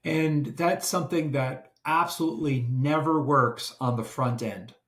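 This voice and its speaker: A man hosting a podcast who explains business strategy in a measured, deliberate way. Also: medium pitch, fairly bright tone. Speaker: podcast host. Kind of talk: casual business discussion. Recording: roomy echo.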